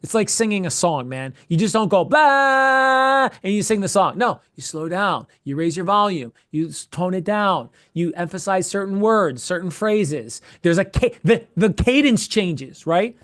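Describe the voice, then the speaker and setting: Animated, high-voiced sales coach man. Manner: animated, profane, quick bursts of repeated phrases. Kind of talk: coaching feedback in casual chat.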